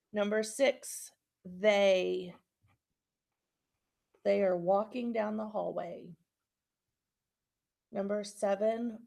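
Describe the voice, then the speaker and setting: A woman teacher giving a recorded lesson to young pupils, speaking slowly and clearly and checking in often with "okay?". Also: mid-range voice, darkish tone. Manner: slow, clear instructional delivery with frequent checks. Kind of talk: recorded online class lesson.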